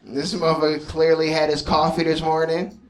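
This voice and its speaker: A man's voice: a little high, completely flat delivery, brisk, distant mic, background noise. A man doing a stand-up comedy set, telling loose stories full of swearing and offhand asides. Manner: loose storytelling, profane, laid-back asides.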